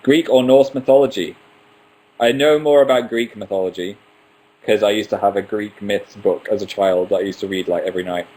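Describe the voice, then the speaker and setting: A man's voice: on the low side, brisk, mellow, low-quality recording. A man in his twenties hosting a casual live stream, reading out viewer questions and answering them one by one with playful asides. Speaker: livestream host.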